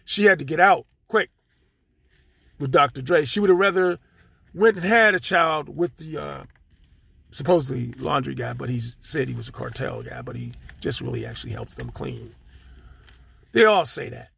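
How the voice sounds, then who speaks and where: A man's voice: a little high, very animated, moderate pace, creaky, long pauses, fairly bright tone, husky. A man from Pittsburgh hosting a solo podcast, talking in a rambling, streetwise, profane way with lots of fillers, speaking from his car. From Pittsburgh, USA. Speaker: podcast host.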